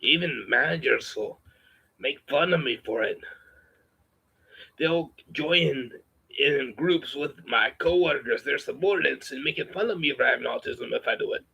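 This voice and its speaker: A campy spy-spoof man, put on by a man talking at home. The voice is pushed higher and sounds strained and bright. A gravelly, husky texture runs through it, picked up by a webcam or phone mic. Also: moderate pace, heavily acted, poor audio. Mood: complaining. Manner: pitched-up, strained delivery. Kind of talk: put-on character voice while chatting.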